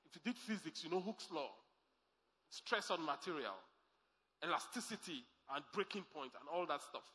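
A man's voice: fairly high pitch, animated, moderate pace, bright, forceful tone. A man preaching a sermon as pastor, emphatic and repeating his key lines. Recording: echoey hall with faint music.

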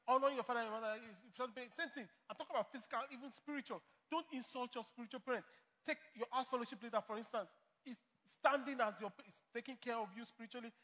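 High, bright emphatic preacher. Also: male voice, in a large hall. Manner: emphatic preaching, mock dialogue. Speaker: pastor. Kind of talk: sermon. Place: church.

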